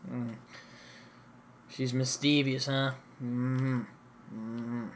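A man's voice: mid-range voice, level tone, very slow, slight background noise. Rambling young man chatting over a game. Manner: rambling, hesitant, many fillers and restarts. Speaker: gaming channel host. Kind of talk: casual gaming chat with friends.

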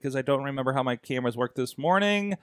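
A man's voice: mid-range voice, expressive, fast talker, fairly bright tone, no room sound. Middle-aged guy hosting a podcast, jokey, lots of uhs, dry close mic. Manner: loose and joking, many uh fillers. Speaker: podcast host. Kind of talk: casual tech podcast chat. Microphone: studio mic.

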